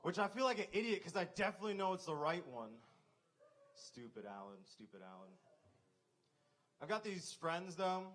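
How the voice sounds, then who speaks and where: A man's voice: sits high, quick pace, few pauses, fairly bright tone. A man doing a short, self-deprecating stand-up set on a comedy club stage. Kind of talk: stand-up routine.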